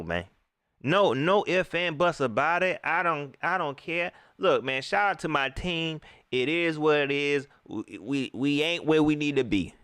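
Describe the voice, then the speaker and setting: A man's voice: a little high, a bit bright, dry recording, clean studio sound. A man hosting a live post-game stream, ranting about his team and reading out viewer comments. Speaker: livestream sports commentator.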